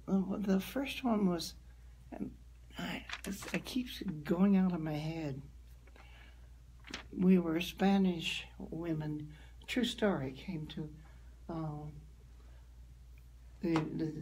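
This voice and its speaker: An older woman from the American Midwest, a guest actress telling animated stories in a conversational interview. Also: on the low side, takes it slowly, pauses often, slight background noise. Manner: storytelling, animated.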